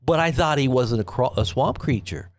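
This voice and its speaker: A man's voice: mid-range voice, lively intonation, normal speed. A middle-aged man hosting a live online news commentary show, talking in a sarcastic, rambling way and reading quotes aloud with mocking emphasis.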